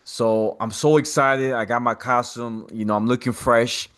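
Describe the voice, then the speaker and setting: A man who is a guest on a podcast, telling animated personal stories in a casual, slangy, streetwise way. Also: mid-range voice, moderate pace, clear, resonant tone.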